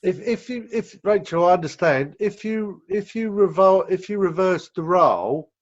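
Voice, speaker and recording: A man's voice: high voice, animated, normal speed. A man from the United Kingdom leading a recovery group on a video call, talking in a rambling way and restarting his sentences often. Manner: rambling, repeats words when starting sentences. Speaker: rehab director leading a group session. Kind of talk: conversational teaching on a video call. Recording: dull lo-fi video call audio.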